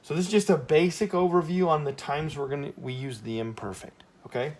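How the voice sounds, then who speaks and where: A man's voice: on the high side, fairly quick, a little mellow. A man teaching a Spanish grammar lesson in a casual classroom style, often checking in with "okay?" and correcting himself as he goes.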